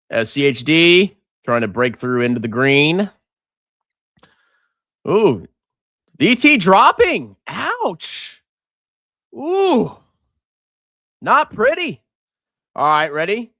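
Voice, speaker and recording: Male stream host, 30s, bright, very expressive, dry close sound. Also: medium pitch, clear, resonant tone, no echo. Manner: animated, jokey, reacts loudly to price moves. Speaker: finance livestream host. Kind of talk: casual market livestream.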